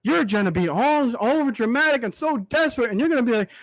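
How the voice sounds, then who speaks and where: A young man with a high, light voice rants to his livestream viewers in a preachy monologue, dotting it with rhetorical asides. His voice is worn from talking for a long time. The sound is close and dry. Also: animated, no echo. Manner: preachy, repetitive rhetorical asides, drawn-out extended metaphor. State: voice tiring from long talk. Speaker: livestream host.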